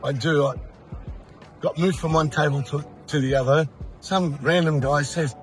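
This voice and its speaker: A man telling a poker story, animated, laughing often as he goes. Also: fairly high pitch, moderate pace, faint music behind. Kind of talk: casual anecdote. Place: poker tournament venue.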